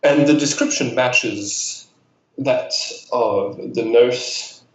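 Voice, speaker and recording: A man narrating as game master of a tabletop game in a measured, descriptive way. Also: mid-range voice, echoey room, rough recording.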